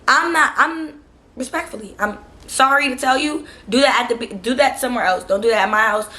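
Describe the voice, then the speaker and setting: A woman's voice: a little high, fast. A young woman vlogger telling a storytime in a casual, slangy, exasperated way. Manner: animated, frustrated, slangy retelling.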